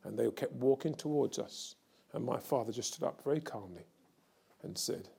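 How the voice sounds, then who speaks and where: An older man preaching a sermon, telling a story slowly and then building to loud, fervent preaching. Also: mid-range voice, gravelly, breathy edge.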